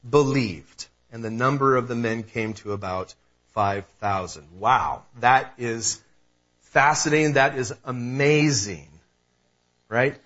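A man's voice: mid-range voice, slow pace, a bit bright, dull audio. A man preaching a sermon as pastor, earnest and emphatic, repeating key phrases for weight.

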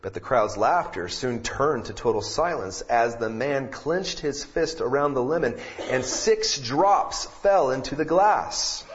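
Male pastor, unhurried sermon delivery with prayer and humor, dull lo-fi church recording. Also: mid-range voice. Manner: reads scripture, prays, then preaches with jokes. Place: church sanctuary with congregation.

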